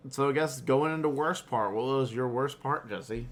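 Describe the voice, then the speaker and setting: Male podcast co-host, relaxed and agreeable, steers the segments, slight background hiss. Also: medium pitch, normal speed. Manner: laid-back, agreeable, leads the segments. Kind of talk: casual podcast chat.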